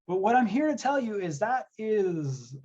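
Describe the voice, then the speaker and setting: A man's voice: high-pitched, very animated, moderate pace, darkish tone. Earnest man giving an online workshop. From Tennessee, US. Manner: conversational and earnest, with frequent fillers. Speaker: instructional designer leading an online workshop. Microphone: computer mic on a video session. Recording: dull lo-fi audio.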